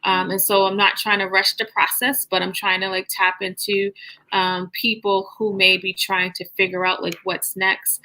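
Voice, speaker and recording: A woman's voice: medium pitch, flat delivery, normal speed, sharp tone, low-quality recording. A woman hosting a casual live online chat, hesitant with many fillers. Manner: emotional, laughing through tears. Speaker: host.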